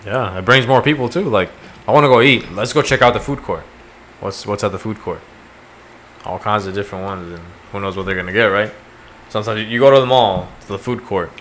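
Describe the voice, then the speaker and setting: A man's voice: on the low side, brisk, a bit bright, slight background noise. A man co-hosting a casual podcast, telling stories animatedly with lots of swearing and laughter. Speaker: podcast co-host. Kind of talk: casual chat.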